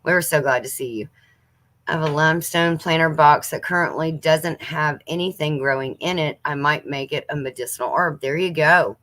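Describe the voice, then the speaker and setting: A woman's voice: low-pitched, normal speed, fairly bright tone. A woman in her fifties hosting a casual livestream, reading viewers' comments aloud and chatting back to them. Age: 50s. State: coughing now and then. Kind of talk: casual chat.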